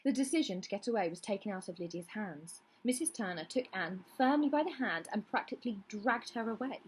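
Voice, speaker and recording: A woman reading a novel aloud in a steady, measured narration. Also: medium pitch, slightly rough. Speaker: reader.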